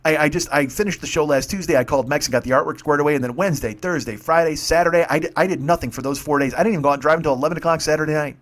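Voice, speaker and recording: A man's voice: a little high, rapid-fire, hardly any pauses. A man, rambling through a profane comedic monologue as a podcast host. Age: 50s. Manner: rambling, swearing, animated storytelling.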